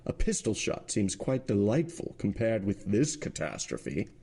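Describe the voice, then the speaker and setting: Guy reading as a dry sardonic gentleman, husky and low. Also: very animated, measured pace, full character voice.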